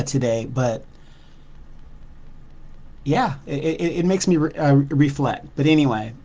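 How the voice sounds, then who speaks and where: A middle-aged man speaks to his viewers in an informal vlog monologue. His voice sits at a mid pitch, and he rambles candidly, often pausing on ums and restarting his sentences. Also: a little mellow. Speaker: channel host.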